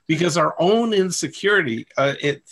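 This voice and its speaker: Male coach-host, gravelly and husky, candid and rambling, self-mocking. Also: on the high side, expressive, moderate pace, a bit bright. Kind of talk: coaching talk to a group.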